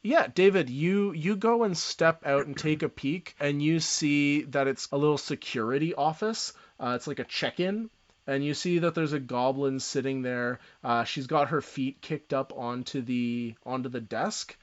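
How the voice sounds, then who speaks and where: A man narrating as game master of a tabletop game, describing scenes in a loose, unhurried way. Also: on the high side. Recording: dull lo-fi sound.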